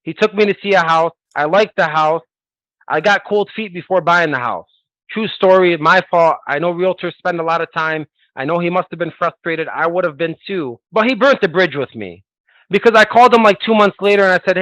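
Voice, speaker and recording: A man coaching salespeople in an energetic, persuasive way, acting out sales calls as he talks. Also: high-pitched, a little fast, no room sound, muffled recording.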